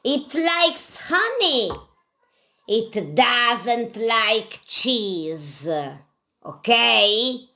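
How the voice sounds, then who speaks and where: Slow, bright-voiced Italian teacher. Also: female voice, a little high, sing-song. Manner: slow, clear, repeating simple sentences. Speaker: English teacher for children. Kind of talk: puppet English lesson.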